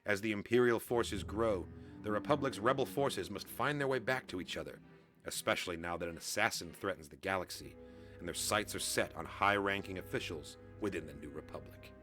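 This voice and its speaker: A man hosting a comic readalong and reacting to what he reads, excitable and chatty. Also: low-pitched, brisk, over music.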